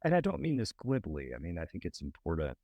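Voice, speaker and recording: Very deep-voiced man from Alabama. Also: dry recording. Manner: halting, many restarts, animated pitch jumps. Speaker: documentary director, guest. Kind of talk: casual interview answers.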